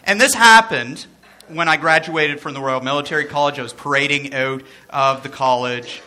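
A male pastor delivers a sermon in a bright, forceful voice that sits a little higher than most men's. He talks conversationally, drops in joking asides, and repeats phrases to drive his points home. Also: moderate pace.

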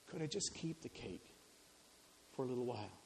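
A man softly voicing a timid woman nearing forty. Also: medium pitch, animated, moderate pace, vocal fry, slight background noise, pitched below the performer's own voice. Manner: soft, hesitant, quiet.

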